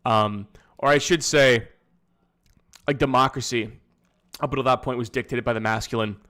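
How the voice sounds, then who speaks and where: A man's voice: medium pitch, fairly even intonation, normal speed, sharp tone. A man with a Nova Scotian accent chatting casually on a live stream, rambling with lots of fillers and casual swearing. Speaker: streamer reacting to videos.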